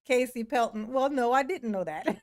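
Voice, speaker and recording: A woman hosting a casual livestream, greeting viewers in the chat, playful and laughing often with drawn-out "yes, honey" replies. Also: on the high side, lively intonation. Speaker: livestream host. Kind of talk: casual livestream chat, reading and answering a live chat.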